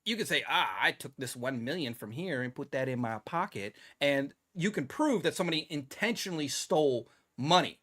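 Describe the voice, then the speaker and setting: A man's voice: fairly high pitch, expressive, a little fast, hardly any pauses, a bit bright. A man hosting a casual tech news podcast, sarcastic and laughing often as he comments. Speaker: podcast host.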